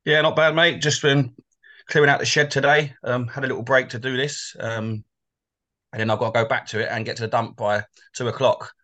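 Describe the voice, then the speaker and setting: A man's voice: medium pitch, fairly even intonation, a little fast, sharp tone. A man, co-hosting a podcast and telling rambling stories about football. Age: 40s. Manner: rambling, anecdotal, laughs easily. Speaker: co-host. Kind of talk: casual football chat.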